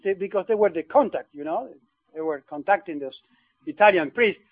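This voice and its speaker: A priest from Argentina tells his story in English, stumbling and repeating words as he goes. His voice sits unusually high for a man. It comes through a narrow, phone-like channel with no room sound. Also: animated, no echo. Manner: halting, repeats words, non-native grammar. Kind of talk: personal storytelling. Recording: tinny phone-like line.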